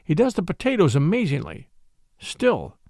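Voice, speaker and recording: A man puts on an excitable middle-aged priest, fervent and lifting his voice high as he preaches. The delivery swings widely in pitch, with a gravelly edge and a dry, close sound. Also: normal speed, no room sound, exaggerated voice. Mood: mild.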